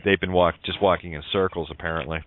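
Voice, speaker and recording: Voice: low voice, fairly even intonation, fast, a little hiss or hum. A radio show host explaining ideas at length in rambling call-in talk, on a phone-like line. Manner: rambling, wordplay-driven explanations. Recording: dry tinny phone-like line.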